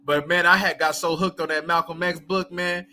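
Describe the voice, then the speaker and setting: A man's voice: on the high side, flat delivery, moderate pace, sharp tone. A man hosting a casual live book chat, talking loosely with many fillers and asides and laughing often between thoughts.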